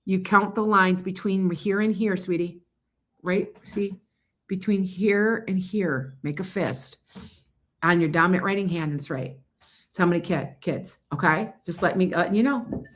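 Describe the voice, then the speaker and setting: A woman's voice: fairly low pitch, unhurried. A woman giving psychic readings on a casual livestream, chatting loosely and often losing her train of thought. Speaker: psychic reader.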